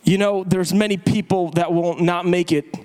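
A man preaching a sermon, impassioned, repeating words and swinging his pitch up and down for emphasis. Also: steady tone, moderate pace, a little mellow, smooth, low-quality recording.

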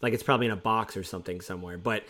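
A man's voice: on the low side, very fast, sharp tone. A man in casual chat, animatedly retelling stories from tabletop games he ran, acting out what players said. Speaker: former game master.

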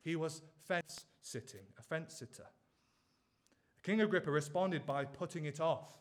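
A man's voice: fairly high pitch, normal speed. A man preaching a sermon, pressing his listeners with earnest, repeated rhetorical questions.

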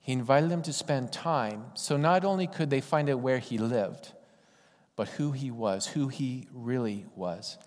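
A man's voice: medium pitch, measured pace, a little mellow. A man preaching a sermon in a conversational, folksy storytelling way. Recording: long hall reverb.

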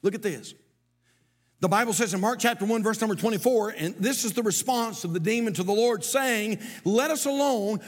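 A man's voice: sits high, fairly quick. A middle-aged man, preaching a sermon as pastor, moving from folksy storytelling to emphatic preaching. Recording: long hall reverb.

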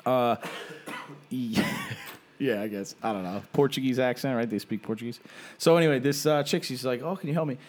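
A man's voice: mid-range voice, normal speed. A man telling a rambling, profane story in casual podcast chat.

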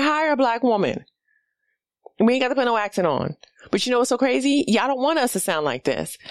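A woman's voice: fairly high pitch, no echo. A woman in her forties with a New York accent, a comedian ranting bluntly and profanely in a casual monologue. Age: 40s. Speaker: comedian hosting a podcast.

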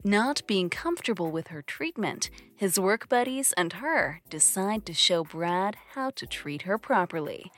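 A woman podcast host reading book descriptions and show announcements in a crisp, announcing voice. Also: mid-range voice, animated, a little slow, few pauses, fairly bright tone.

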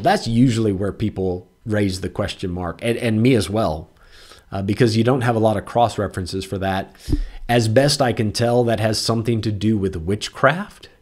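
A man's voice: fairly low pitch, darkish tone. An earnest man teaching a Bible lesson to an online audience. He reads scripture with lifted emphasis, then drops back into plain, conversational explanation with casual asides and restarts. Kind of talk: livestreamed Bible lesson with viewer questions.

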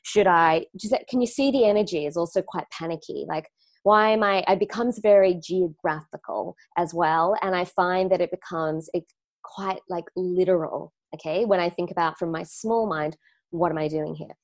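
A woman's voice: on the low side, normal speed, darkish tone. A woman with an Australian accent giving a live online talk to students, speaking reflectively and conversationally, with frequent fillers and restarts. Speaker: wellness teacher.

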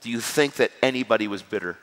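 A man's voice: medium pitch, quick pace, fairly bright tone. A man preaching a sermon, telling stories animatedly and acting out the dialogue. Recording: hall reverb with crowd.

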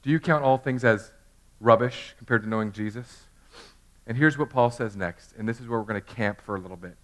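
Animated male pastor preaching. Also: medium pitch, a little fast. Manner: animated preaching, swings from loud outbursts to quiet intimate tones. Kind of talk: sermon.

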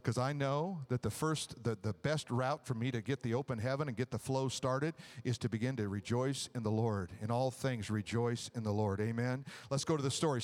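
A man preaching a sermon, drawing the congregation into call-and-response and acting out the lines of the people in his stories. He swings from loud exclamations down to low, quiet murmurs.

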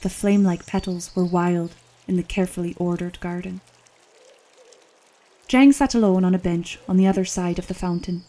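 A woman narrating an audiobook in a steady, descriptive reading. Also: fairly low pitch. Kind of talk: scripted narration.

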